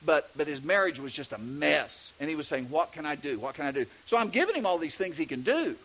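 High-voiced Texan pastor preaching. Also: male voice, big pitch swings, brisk, fairly bright tone, low-quality recording. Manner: conversational preaching with frequent restarts. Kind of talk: sermon.

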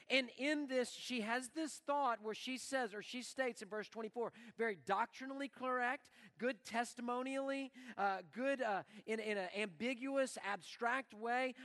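A man preaching a sermon as pastor in a church, animated and acting out the prayers he quotes. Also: very high voice, normal speed, hardly any pauses. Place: church sanctuary. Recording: long reverb of a church hall.

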